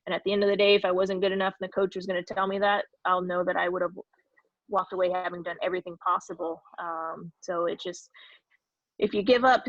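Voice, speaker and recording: A woman's voice: medium pitch, no room sound. A woman in her forties from California, a former pro soccer player answering questions and telling stories in a reflective way, with frequent ums. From California, USA. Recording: dull lo-fi dry sound.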